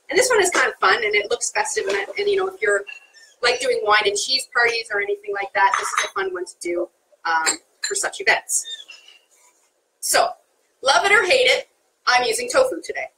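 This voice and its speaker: Bubbly woman chef, high and lively voice, chatty live cooking host. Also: a little fast, a little hiss or hum, poor audio. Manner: chatty and bubbly, laughs often. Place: kitchen.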